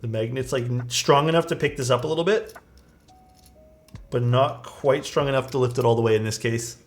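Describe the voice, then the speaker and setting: A young man talks casually to his stream chat as he works, easygoing and quick to poke fun at himself. His voice sits in a middle register. Quiet music plays faintly behind him. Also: medium pitch. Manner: laid-back, chatty, reads chat aloud, self-deprecating. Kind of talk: casual live-stream chat while building a keyboard.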